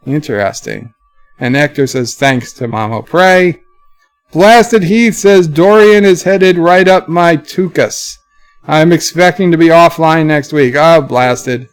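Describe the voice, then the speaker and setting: Male streamer, slightly high, smooth voice, reads chat up, answers low and offhand. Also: slow. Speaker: livestream host reading chat. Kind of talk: casual livestream chat.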